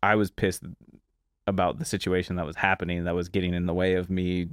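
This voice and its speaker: Low-voiced man hosting a casual chat. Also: level tone, a little fast, smooth, no echo, studio quality. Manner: loose, profane storytelling with many fillers. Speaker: podcast host, chef.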